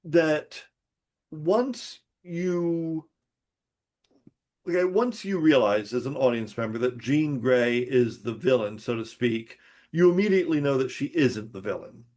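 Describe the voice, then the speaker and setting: A man's voice: medium pitch, a little slow, darkish tone. A man co-hosting a podcast, talking about a movie in a hesitant, agreeable way with many restarts. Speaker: podcast co-host. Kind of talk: casual movie chat.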